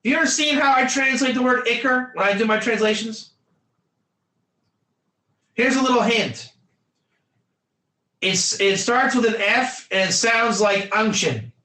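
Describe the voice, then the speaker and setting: A man's voice: very high voice, unhurried, long pauses, sharp tone, reverberant. A man teaching a Torah class in an emphatic, repetitive lecture style, quizzing his students by name.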